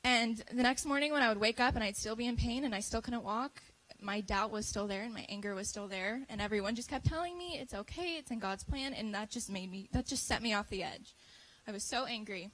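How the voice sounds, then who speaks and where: A teenage girl speaks to a church congregation, sharing her testimony in an earnest, heartfelt way. Her voice sits high and sounds bright and clear. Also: a little fast, few pauses, low-quality recording. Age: teens. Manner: earnest, building to impassioned. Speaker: youth speaker giving a testimony. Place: church service.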